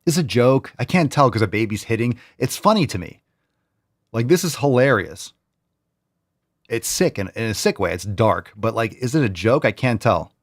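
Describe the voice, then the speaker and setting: A man's voice: medium pitch, animated, normal speed, dry recording, studio quality. A man hosting a reaction show, mocking and incredulous as he repeats clips he is watching. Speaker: host. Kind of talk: reaction commentary.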